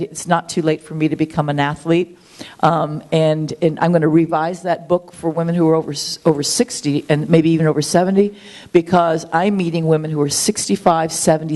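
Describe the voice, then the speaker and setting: Woman, 60s, low voice, guest interview, chatty, keen, full of ums. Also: darkish tone. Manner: chatty, enthusiastic, with frequent ums and restarts. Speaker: guest, author and marathon runner. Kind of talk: conversational interview.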